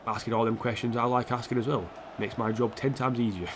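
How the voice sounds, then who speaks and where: A man commentates loosely on his football game, reacting to each chance and chatting with his viewers between plays. His voice sits at an ordinary middle pitch. Faint room noise hums under his home-stream sound. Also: fairly even intonation, brisk. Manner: chatty, self-mocking, reacts to the match and answers chat. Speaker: streamer playing a football career mode. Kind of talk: casual live-stream commentary.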